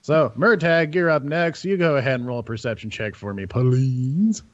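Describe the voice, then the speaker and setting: A man's voice: medium pitch, moderate pace, no room sound. A young man narrating a tabletop game as game master, rambling casually with lots of fillers and restarts. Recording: dull dry lo-fi audio.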